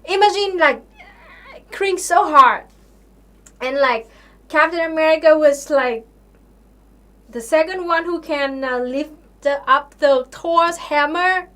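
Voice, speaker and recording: High-voiced young woman hosting a casual live stream. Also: slow pace, long pauses, fairly bright tone. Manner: chatty, full of fillers, incredulous and sarcastic, swears. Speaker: livestream host answering viewer questions.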